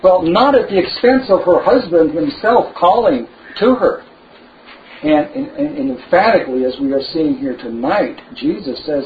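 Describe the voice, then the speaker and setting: A man preaching a sermon at a slow, deliberate pace, his voice a little raised in pitch. He leans hard on key words. The recording sounds dull and lo-fi, with a faint hiss underneath. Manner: slow, emphatic preaching with shifts to lively asides.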